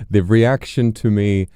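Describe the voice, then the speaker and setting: A man's voice: on the low side, mellow, no room sound, clean studio sound. A man streaming, chatting casually with viewers, rambling with lots of fillers and restarts.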